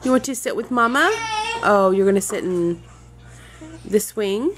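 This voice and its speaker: A woman's voice: medium pitch, a little slow, long pauses. A woman in her thirties, a mother filming a casual home vlog, soothing and cooing at her toddlers while nursing her newborn. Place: family home with Christmas tree.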